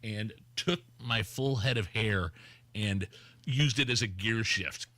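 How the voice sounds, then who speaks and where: A middle-aged man from Indiana, co-hosting a radio show and telling stories in excitable, casual banter. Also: fairly low pitch, takes it slowly, no room sound. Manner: excitable storyteller. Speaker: radio co-host.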